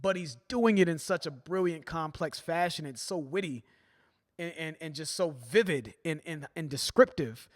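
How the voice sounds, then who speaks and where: A man's voice: on the high side, normal speed. A man hosting a music reaction video, talking casually and animatedly, often checking in with "right?" and re-rapping lines for emphasis. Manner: animated, keeps asking "right?" and "you know what I'm saying?"; quotes and re-raps lyrics with emphasis.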